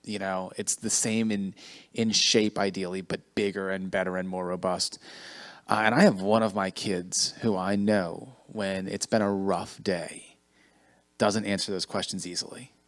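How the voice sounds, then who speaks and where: A man's voice: low voice, steady tone, a little slow, fairly bright tone. A man in his forties leading a men's ministry gathering, talking in a sincere, self-deprecating way. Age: 40s. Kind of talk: casual group talk.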